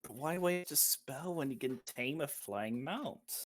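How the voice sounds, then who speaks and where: A man's voice: medium pitch, expressive, measured pace. A man playing in an online tabletop game, eagerly planning his character's moves. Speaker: player. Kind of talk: casual chat at a game table.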